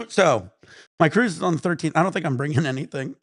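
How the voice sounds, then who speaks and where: A man rambles through a loose, laid-back vlog chat, swearing freely and sounding high. His voice has a gravelly, creaky edge. It is recorded dry and close, with no room sound. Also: very animated, moderate pace, no echo. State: high while talking. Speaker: vlog host. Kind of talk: casual chat.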